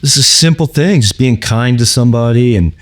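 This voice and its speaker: A man's voice: mid-range voice, animated, fairly quick. A man hosting his show, telling a personal story in a loose, rambling way full of fillers. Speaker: host. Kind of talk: casual storytelling.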